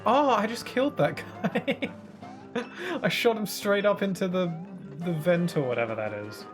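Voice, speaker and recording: A laid-back game streamer chatting and joking while playing, quick to laugh. The voice sits in a middle range. Faint game music plays underneath. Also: medium pitch, animated. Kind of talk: casual gameplay chat.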